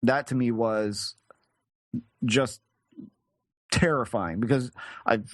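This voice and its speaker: A man's voice: mid-range voice, dry recording. Male guest, hesitant storyteller, dry close recording. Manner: halting, searching for words, frequent restarts. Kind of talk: recounting a personal experience in conversation.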